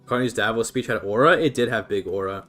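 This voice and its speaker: A man's voice: fairly low pitch, fast, a bit bright, faint music behind. A Canadian man from British Columbia casually commentating a strategy game on a livestream, chatting easily and answering his chat. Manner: chatty, laid-back, reads and answers chat. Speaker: streamer.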